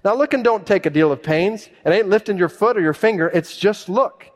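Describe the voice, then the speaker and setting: A man's voice: sits high, a little fast, big-room sound, voice pushed up, natural voice. A man voicing a thin, unschooled village lay preacher in a mock broad Essex accent, plain-spoken and emphatic.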